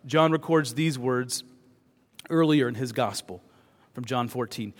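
A man preaching a sermon as pastor, moving between loud urgent emphasis and soft hushed words. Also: medium pitch, a little slow, pauses often. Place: church. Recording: long hall reverb.

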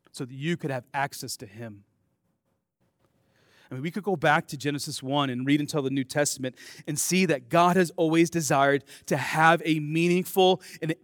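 Fairly high-voiced male pastor preaching. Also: dry recording. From American Midwest. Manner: swings between soft intimate asides and loud emphatic declarations; conversational, self-deprecating asides to the congregation. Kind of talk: sermon.

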